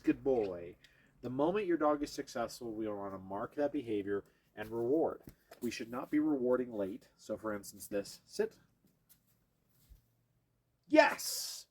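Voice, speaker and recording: A man with a husky, slightly breathy voice at an ordinary middle pitch leads a hands-on dog training lesson. He talks viewers through each step and turns aside to praise or coax the dog beside him. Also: lively intonation, brisk, darkish tone. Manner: explains step by step to viewers while working a dog.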